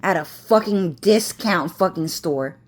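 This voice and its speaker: A woman's voice: fairly low pitch, unhurried, slightly rough. A woman vlogging from home, ranting to camera in a rambling, agitated way with constant swearing and repetition.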